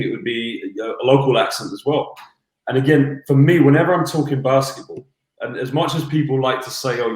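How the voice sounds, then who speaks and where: A man who commentates basketball speaks as a podcast guest at a middling pitch. He explains himself earnestly, rambling through anecdotes. His voice carries a noticeable roomy echo. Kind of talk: casual interview chat.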